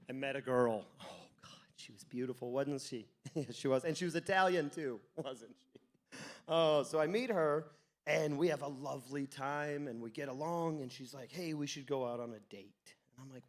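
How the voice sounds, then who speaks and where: A young man doing a stand-up comedy set on a club stage, telling crude, rambling stories with lots of swearing and laughing at his own jokes. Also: on the high side. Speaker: stand-up comic.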